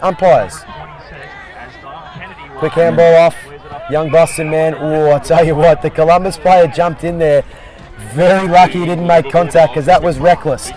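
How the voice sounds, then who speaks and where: Excitable commentator with crowd behind. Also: male voice, on the high side, unhurried, pauses often, rough recording. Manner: jokey, excitable, repeats "I'll tell you what". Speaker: play-by-play commentator. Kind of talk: sports commentary. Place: outdoor sports field.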